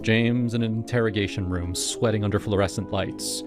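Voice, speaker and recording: A man giving a brisk, wry scripted first-person narration of a horror story. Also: lowish voice, steady tone. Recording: over loud background music.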